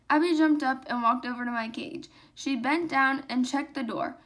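A teenage girl, a student, reading a children's novel aloud in an even storytelling manner. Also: sits high, normal speed, hardly any pauses. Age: teens. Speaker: student reader.

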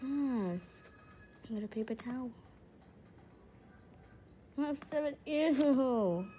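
A woman's voice: high voice, lively intonation, slow pace, muffled recording, slight background noise. A woman voicing a silly, childish talking axolotl that giggles and repeats words over and over in a playful comedy skit. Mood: giddy.

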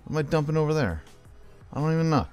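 A man's voice: a little high, very animated, racing, darkish tone, smooth, soft background music. A man casually commentating his own cooking game as he plays, chatty and thinking aloud, calling the viewer "bro". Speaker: gaming channel host. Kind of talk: casual let's-play commentary.

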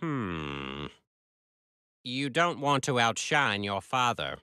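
Pompous tweedy cartoon therapist. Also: male voice, mid-range voice, very animated, slow, bright, forceful tone, smooth, dry recording, clean studio sound, full character voice. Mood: musing.

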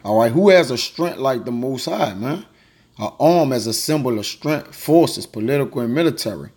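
Husky man giving a casual Bible lesson. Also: medium pitch, expressive, normal speed, a little mellow. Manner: informal, fills lines with "man" and "all right". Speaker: Bible teacher.

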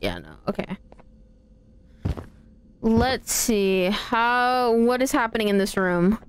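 A woman's voice: a little high, big pitch swings, takes it slowly, slight background noise. A woman live-streaming a horror game, chatting playfully with her viewers as she plays. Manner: chatty, playful, talks to chat. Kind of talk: live gameplay commentary.

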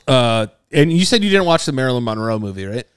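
Male podcast host, lively swooping pitch, clear smooth voice, close dry mic, swears and laughs a lot. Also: quick pace, dry recording. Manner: animated, laughing, profane storytelling. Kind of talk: casual podcast banter.

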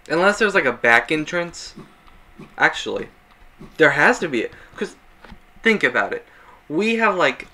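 Slow-talking man rambling over gameplay. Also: on the high side, a bit bright. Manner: rambling, self-mocking, chuckling. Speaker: gameplay commentator. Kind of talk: casual let's-play commentary.

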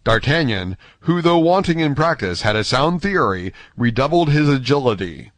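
A man reads an audiobook aloud in an even, measured way, his pitch resting in a normal middle range. The scripted narration is recorded close and dry, with no sense of the room.

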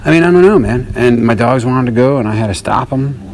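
A man's voice: medium pitch, lively intonation, fairly quick, a little mellow, a little hiss or hum. A man hosting his own radio show, telling a story in a rambling, profane, self-mocking monologue.

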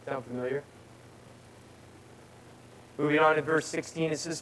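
Pastor, male, slightly high voice, casual sermon delivery that builds on readings, faint room hiss. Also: fairly even intonation, a little slow, long pauses, poor audio. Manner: conversational preaching, swelling louder on scripture. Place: church sanctuary.

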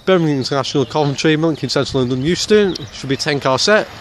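A man's voice: on the high side, animated, fast talker, noisy background. A man filming trains outdoors, giving casual running commentary, reeling off train numbers and station lists with jokey asides. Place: outdoors beside a railway line.

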